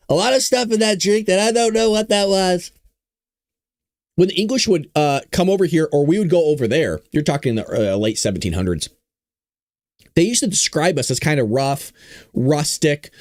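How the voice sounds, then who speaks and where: A man from California hosting a casual political commentary livestream, talking in an animated, sarcastic way with mock-dumb asides. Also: on the high side, moderate pace, no room sound, studio quality. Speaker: host of a livestreamed political talk show.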